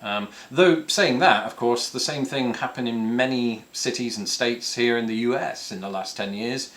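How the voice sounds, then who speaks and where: A northern English YouTuber talks casually from home, where a cat lingers nearby, responding to viewer questions in a wandering, self-mocking way packed with fillers and restarts. His mid-range voice is fairly bright and moves at normal speed.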